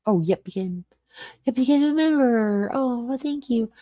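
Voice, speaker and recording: A woman's voice: fairly high pitch, expressive, moderate pace, warm tone, no echo, dull audio. An older woman hosting a casual livestream from her small garage suite, greeting viewers by name and rambling through the chat. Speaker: livestream host.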